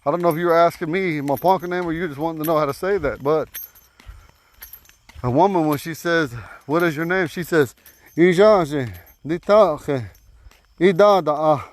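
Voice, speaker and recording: A man giving a casual, folksy language lesson while out walking at night, talking into a phone and repeating words slowly. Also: on the high side. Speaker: language teacher. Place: outdoors at night on a walk.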